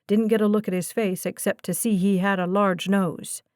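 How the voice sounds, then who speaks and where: A woman voicing a calm, protective young man who talks in short, clipped phrases, in an audiobook. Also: medium pitch, normal speed, no echo, clean studio sound, natural voice.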